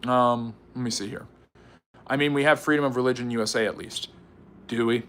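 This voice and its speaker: American man, livestream host, rapid chatty delivery answering chat, playful teasing tone. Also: medium pitch, steady tone, fairly bright tone. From United States. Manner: quick, chatty, teasing, with many fillers and restarts. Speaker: history channel livestream host. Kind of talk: live stream reading and answering chat comments.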